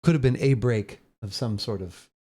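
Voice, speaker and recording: Laid-back male co-host, ordinary pitch, hesitant casual chat. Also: normal speed, slightly rough. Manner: relaxed, agreeable, hesitant with fillers. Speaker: podcast co-host.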